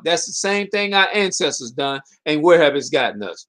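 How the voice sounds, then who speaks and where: A man with a fairly high-pitched voice delivers a fervent, preachy monologue straight to his online viewers. He keeps circling back to the same rhetorical questions and often trips over his words and starts sentences again. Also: animated, brisk, few pauses, fairly bright tone. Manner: stumbles and restarts mid-sentence. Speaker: video commentator. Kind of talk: impassioned spoken monologue to viewers.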